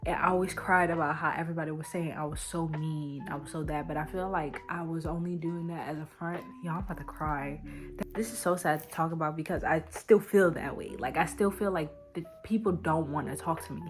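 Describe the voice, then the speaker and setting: A woman's voice: sits low, fairly even intonation, a little fast, few pauses, soft background music. A young woman talking candidly and emotionally to her camera in a casual vlog. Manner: candid, emotional, swings from quiet to loud. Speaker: vlogger.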